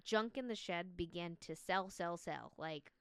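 A woman's voice: fairly low pitch, unhurried, smooth, no echo. A woman co-hosting a podcast, telling a spooky story in a chatty way, full of "like" and easy laughter. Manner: chatty, laughs easily, many "like" fillers. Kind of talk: casual storytelling chat.

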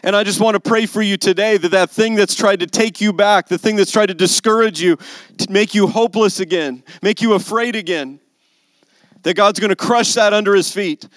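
A male pastor delivering a sermon in a slightly higher voice, pressing his points with mounting intensity. The sound is dry and close, with no room echo. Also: moderate pace. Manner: rising to emphatic intensity on key lines.

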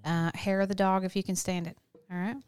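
A woman's voice: medium pitch, level tone, a little fast, a little mellow, smooth, dry recording, studio quality. A middle-aged woman co-hosting a podcast, chatting loosely and laughing often. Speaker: podcast co-host. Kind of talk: casual chat.

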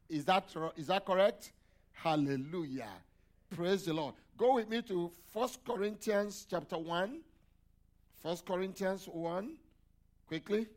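A male pastor preaching a sermon, asking the congregation questions for them to answer aloud and dropping in hallelujahs and amens. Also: sits high. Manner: call-and-response questions to the congregation.

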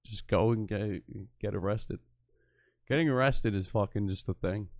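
A man's voice: fairly low pitch, moderate pace, darkish tone, no room sound, clean studio sound. A man chatting casually as a podcast host, crude and blunt, swearing constantly on a home microphone. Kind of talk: casual profane chat.

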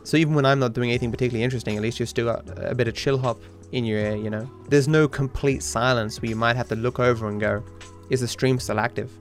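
A man's voice: medium pitch, fairly even intonation, quick pace, few pauses. A man rambling casually as a streamer, swearing freely and often restarting his sentences. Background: faint chill hop music.

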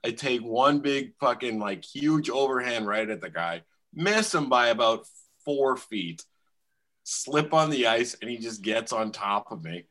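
Bright-voiced man telling a rowdy story. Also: medium pitch, unhurried. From Canada. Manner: laughing, profane, animated storytelling. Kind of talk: casual storytelling.

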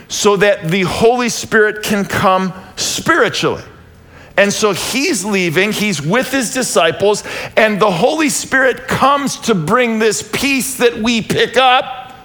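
A man preaching a sermon in a church, animated, reading scripture aloud and asking the congregation questions, shifting between loud exclamations and quiet asides. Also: on the high side. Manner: reads scripture aloud and asks the audience questions. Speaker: pastor.

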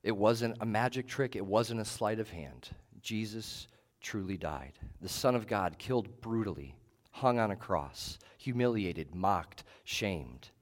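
Lower-voiced male pastor preaching. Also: expressive. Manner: measured, emphatic with short repeated phrases. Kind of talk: sermon.

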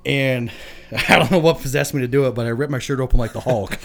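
A man's voice: mid-range voice, fast talker, creaky, a bit bright. Laid-back man telling a rambling story. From Michigan. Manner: laid-back, laughing often, profane. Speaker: podcast guest. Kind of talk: casual storytelling.

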